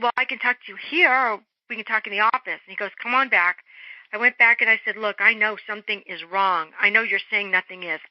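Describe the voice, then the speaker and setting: A middle-aged woman tells a story as an interview guest, with a fairly high voice that leaps even higher when she acts out other people. Her animated telling comes through a dull, muffled line with a dry, close sound. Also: no room sound. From Germany.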